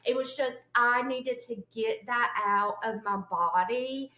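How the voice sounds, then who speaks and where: Bright-voiced woman storyteller. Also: on the high side, slow, roomy sound, poor audio. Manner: animated storyteller, acts out quotes with sudden yelps. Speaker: podcast co-host. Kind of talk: casual chat.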